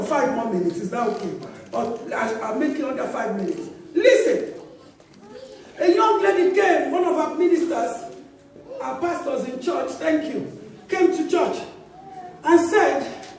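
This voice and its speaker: Animated Nigerian woman preaching in an echoey church. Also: sits high. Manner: animated storytelling with laughter and emphatic exclamations. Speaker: pastor. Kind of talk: sermon. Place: church auditorium. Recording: echoey church hall, distant mic.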